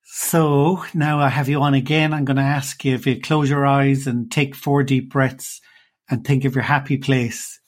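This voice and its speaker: A man's voice: mid-range voice, level tone, normal speed. A man hosting a podcast, who chats in an easygoing way and tells stories about his own life. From Ireland. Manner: easygoing, storytelling. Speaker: podcast host. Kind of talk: casual chat.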